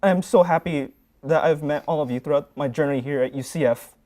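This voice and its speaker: Young man, student sports analyst, sincere, rambling, slightly high pitch. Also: brisk, dark tone. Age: young adult. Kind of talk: heartfelt farewell speech.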